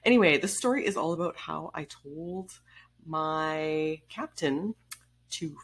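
Woman in her thirties, low-pitched, chatty vlogger telling stories with blunt, wry humor. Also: takes it slowly, breathy edge. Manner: animated and wry, laughs while telling; blunt, swears casually. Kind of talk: casual storytelling monologue.

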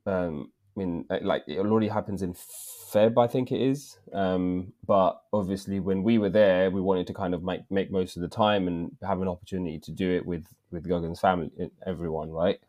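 A man's voice: low voice, moderate pace, hardly any pauses. Slangy English man telling a story. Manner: slangy, animated, drops in "bruv" often. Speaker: podcast co-host. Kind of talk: casual storytelling chat.

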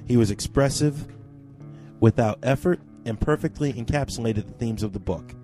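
A man co-hosting a podcast, reading a listener's email aloud with expressive emphasis, then chatting casually. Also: medium pitch, moderate pace, soft background music. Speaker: podcast co-host.

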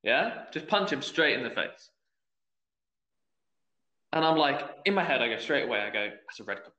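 Telling a story in casual podcast talk, this young youth football referee plays out the quoted voices in a sing-song, fairly high voice. He keeps a normal pace and sounds pushed and bright. It was recorded in an echoey room with dull, lo-fi sound.

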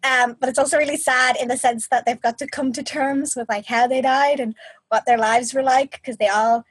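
Woman, podcast co-host, high voice, dry close sound, chatty, animated. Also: normal speed, slightly rough, no room sound, poor audio. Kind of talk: casual chat.

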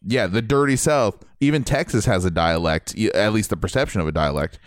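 A young man from Ohio chatting casually as a podcast co-host, animated and talkative. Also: fairly low pitch, brisk, no room sound, studio quality. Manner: animated, chatty, says dude and man a lot. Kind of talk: casual chat.

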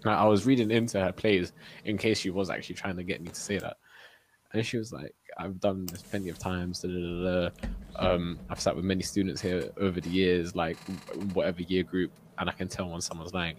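A man's voice: sits low, fairly quick, a little hiss or hum. A young man, telling a story in casual chat as a podcast co-host, acting out what people said and laughing often. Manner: animated storyteller, acts out quotes, laughs often.

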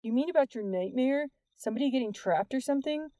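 A woman's voice: high-pitched, animated, fast talker, dark tone, no echo, studio quality, pitched above the performer's own voice. A woman voicing a curious, teasing teenage boy who talks eagerly.

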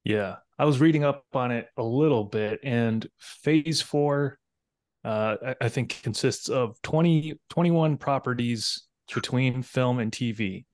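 A man with a mid-pitched voice talks in a measured, wry and explanatory way as a podcast guest. The sound is close and dry, with no room echo. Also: darkish tone. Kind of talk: casual podcast discussion.

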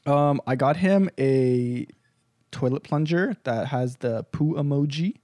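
A man's voice: medium pitch, slow pace, no room sound, clean studio sound. A man co-hosting a podcast, telling stories in casual chat, acting out quoted lines with frequent laughs. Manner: animated storyteller, acts out quotes, laughs often. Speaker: podcast co-host.

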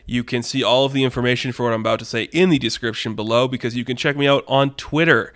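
A man's voice: mid-range voice, steady tone, fast, a bit bright. A man hosting a podcast, telling an improvised story casually, rambling and restarting as he goes. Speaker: podcast host.

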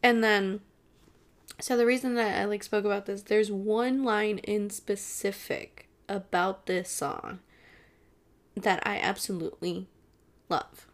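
A woman's voice: medium pitch, fairly even intonation, slow. A young woman hosting a casual solo podcast, chatty and blunt, and she swears freely. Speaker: podcast host.

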